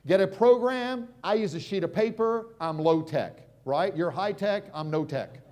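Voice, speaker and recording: A middle-aged American man giving a motivational seminar talk, quizzing the crowd and swinging from loud punches to hushed moments. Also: sits high, measured pace. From United States. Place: stage at a live seminar.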